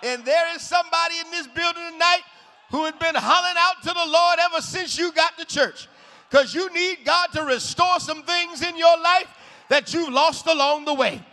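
A man preaching a shouted revival sermon in a large church, hollering in a rhythmic call-and-response style. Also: very high voice, normal speed. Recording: echoey hall reverb.

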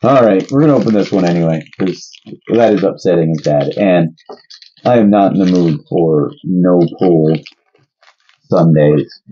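A man's voice: low-pitched, measured pace, husky, muffled recording. A man hosting a casual card-opening video, joking and guessing playfully. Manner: playful, jokey, excitable guessing. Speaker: channel host opening card packs. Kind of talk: casual chat.

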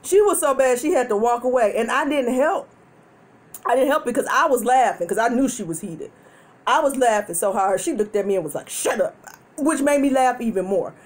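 A woman hosting a mukbang, chatting casually to viewers while she eats and telling stories animatedly, with frequent laughter and loud whoops. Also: on the high side, expressive, fairly quick. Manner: chatty, addresses viewers directly. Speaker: mukbang host. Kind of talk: casual chat while eating.

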